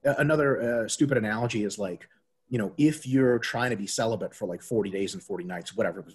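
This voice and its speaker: A man's voice: fairly low pitch, fast talker, slightly rough. A man talking casually as a diet coach, swearing freely and acting out quoted voices as he tells stories. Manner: profane, animated storytelling with quoted voices. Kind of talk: casual podcast talk.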